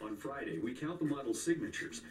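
Guy voicing a fast bright game producer dude, businesslike, echoey room. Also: medium pitch, animated, lightly acted. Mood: briefing. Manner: brisk, businesslike announcements. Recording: roomy, distant game audio.

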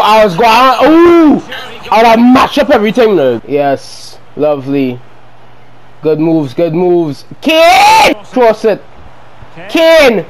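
A young man narrates his own football video game match in a loose, profane running commentary. His voice sits high and leaps all over the place, breaking into shouts whenever the play turns. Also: rough recording. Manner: excitable, swears often and shouts at the players. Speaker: gaming video creator.

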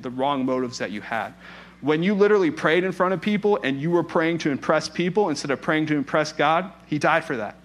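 A man's voice: a little high, a bit bright. A young man preaching as a pastor, telling a personal story in a candid, conversational way. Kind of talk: informal sermon with personal story.

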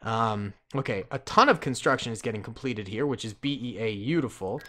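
A man hosting a gaming channel, giving casual commentary on a strategy game and reacting out loud to the action as he plans. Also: medium pitch, fairly quick. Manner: excitable, reacts aloud to the action, casual slang; thinks aloud with fillers while planning.

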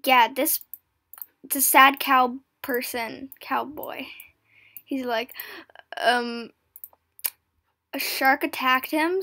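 A woman's voice: high voice, fairly even intonation, very slow, pauses often, pushed and bright. A girl with new braces chatting casually while she plays an online game, giggling and often dropping to a whisper. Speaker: gameplay commentator.

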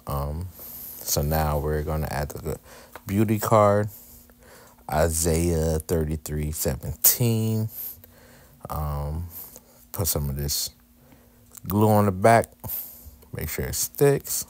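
Man, very deep voice, casual craft voice-over, candid and joking. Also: slow pace, pauses often. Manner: candid, joking, self-deprecating. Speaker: husband narrating a craft video.

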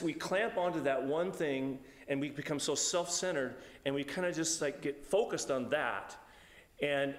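Pastor teaching in a reverberant hall. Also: male voice, on the high side. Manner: conversational, with frequent restarts. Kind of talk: Bible study lecture.

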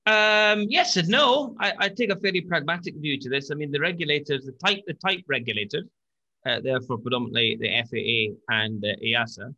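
A man co-hosting a casual podcast chat, speaking haltingly with many repeated words and fillers. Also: fairly high pitch, bright, forceful tone, lo-fi sound. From British. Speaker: co-host.

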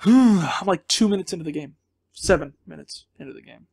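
A high-pitched man talks through a scary game as a let's play. He gets flustered and jumpy, thinks aloud and exclaims often. Between outbursts he drops to a quiet mutter. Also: animated, fairly quick, creaky, a little hiss or hum. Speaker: gaming channel host.

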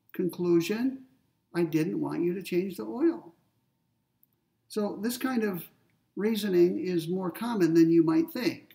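This recorded ethics lecture features a man whose voice is high-pitched, gravelly, and warm, picked up from a distance. He walks through philosophical ideas step by step, using everyday examples and pausing to check in with his audience.

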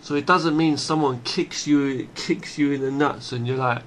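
A man's voice: mid-range voice, fairly even intonation, moderate pace, few pauses, a bit bright, a little hiss or hum. A man talking straight to camera in a blunt, emphatic monologue, swearing freely and often restarting his phrases. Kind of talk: unscripted monologue.

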